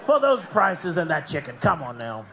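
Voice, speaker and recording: A man's voice: fairly high pitch, sing-song, normal speed, sharp tone. Brash Australian man doing crude stand-up. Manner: brash, swearing, laughing at his own jokes. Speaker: comedy show host and comic. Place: live comedy club stage.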